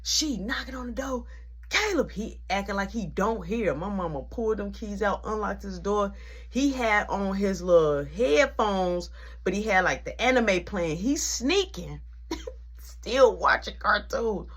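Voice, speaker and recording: A young man telling a family story in casual speech, animated and dramatic. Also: high-pitched, measured pace, husky. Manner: animated, dramatic, switches voices.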